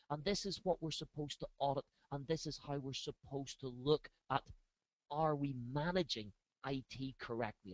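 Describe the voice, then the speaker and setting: A man's voice: medium pitch, no echo, poor audio. A man giving a webinar lecture as a training instructor, stressing key words and asking rhetorical questions.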